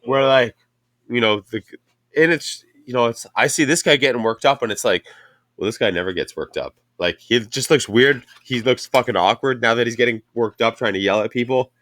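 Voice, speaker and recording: A man's voice: medium pitch, fairly quick, fairly bright tone, no room sound, studio quality. A man hosting a casual podcast, telling rambling, profane stories and reading an ad. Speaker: podcast host. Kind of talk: casual bar chat.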